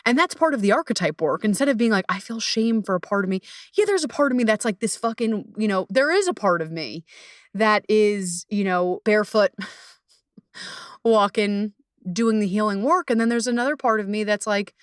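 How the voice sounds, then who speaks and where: A young adult woman coach hosts her own podcast in a loose, animated solo talk. She swears freely, laughs often and leaps into high, excited bursts. The sound is dry and close to the mic, with no room behind her. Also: moderate pace, dry recording.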